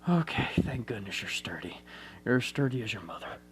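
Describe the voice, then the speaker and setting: A man voicing a flustered young father who pleads with his baby in a hushed, anxious voice. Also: mid-range voice, animated, moderate pace, slight background noise, natural voice. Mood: anxious pleading. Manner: hushed, anxious bargaining, sometimes whispered.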